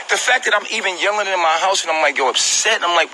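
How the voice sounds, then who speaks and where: A man's voice: high voice, quick pace, pushed and bright, a little hiss or hum, rough recording. A man venting at home on a phone livestream, upset and hurt, talking straight to his viewers with repetition and swearing. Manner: agitated, repetitive, profane, talks directly to viewers. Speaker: vlogger on a live stream. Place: at home, indoors.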